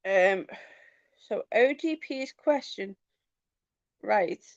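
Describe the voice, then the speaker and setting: A woman vlogging in casual chat, talking in a halting, hesitant way with many fillers. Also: mid-range voice, lively intonation, dry recording, highs cut off.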